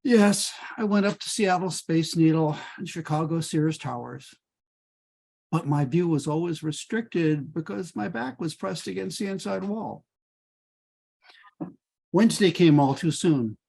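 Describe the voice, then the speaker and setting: An older man reads his own personal story aloud. His voice sits a little high, and he takes his time over every phrase. He reads in a measured, deliberate way. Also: creaky, darkish tone, slightly rough.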